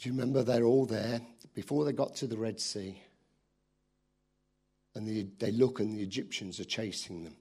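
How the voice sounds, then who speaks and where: A man preaching a sermon in a lively, animated storytelling way, acting out voices as he goes. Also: lowish voice, moderate pace, pauses often, husky.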